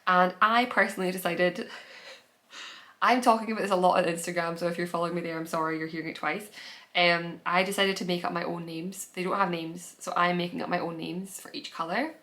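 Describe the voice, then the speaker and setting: A woman hosting a podcast talks in a relaxed, chatty way, gushing with enthusiasm about what she loves. Her voice sits a little low for a woman. She often trails off and restarts her sentences. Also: brisk. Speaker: podcast host. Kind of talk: casual chat.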